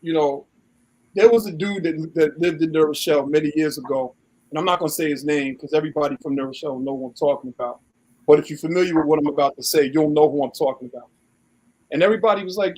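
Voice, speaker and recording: Husky man telling stories on a live show. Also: a little high, fast, a little mellow, rough recording. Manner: talks in long stories, quotes others in a raised voice. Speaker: co-host. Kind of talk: casual live-stream chat.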